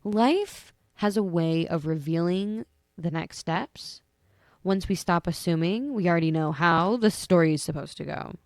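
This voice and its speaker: A young woman hosts her own podcast in a casual, rambling way, correcting herself as she goes. She sounds sleepy and yawns, her lowish voice full of vocal fry. The recording is close and dry. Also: unhurried, dry recording. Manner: chatty, affectionate, rambling with self-corrections. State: sleepy, yawning. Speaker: podcast host. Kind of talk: casual solo podcast talk.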